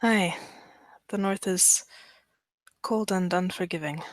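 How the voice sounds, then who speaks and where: Lady doing a norse seafarer woman, formal, measured, dry sound. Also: lowish voice, dry recording.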